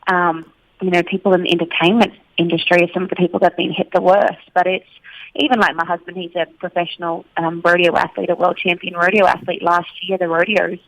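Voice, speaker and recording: Chatty Australian woman, low-set voice. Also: quick pace, poor audio. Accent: Australian, partly Americanized. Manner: chatty, laughs often, lively. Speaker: country singer guest. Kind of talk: casual interview chat.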